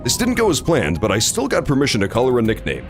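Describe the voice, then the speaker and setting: A man's voice: mid-range voice, wildly swooping pitch, fast talker, music in the background. A man streaming a video game, joking and swearing while reading the story aloud. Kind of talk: casual game commentary.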